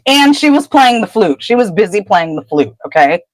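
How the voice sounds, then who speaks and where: A woman's voice: medium pitch, sing-song, moderate pace, no room sound, rough recording. A woman podcast co-host casually retelling a book chapter, chatty, acting out the characters' lines. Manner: chatty storyteller, acts out quotes.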